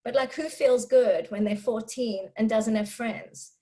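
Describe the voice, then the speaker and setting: Woman, fairly high voice, candid, chatty, laughs often, answering parenting questions. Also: unhurried, mellow, low-quality recording. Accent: non-Israeli English speaker living in Israel. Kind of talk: live talk with audience questions.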